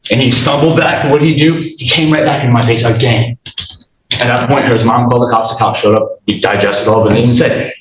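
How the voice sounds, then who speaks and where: A man's voice: mid-range voice, steady tone, fast, roomy sound, slight background noise, poor audio. A man in his thirties testifying in a courtroom, agitated and rambling, restarting his sentences and acting out what others said. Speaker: litigant in small claims court.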